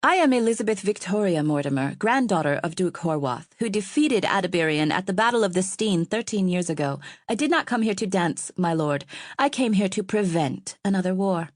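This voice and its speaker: A woman's voice: mid-range voice, lively intonation, fairly quick, dry recording, clean studio sound, close to an everyday voice. A woman voicing a proud young noblewoman who speaks in a commanding, curt way.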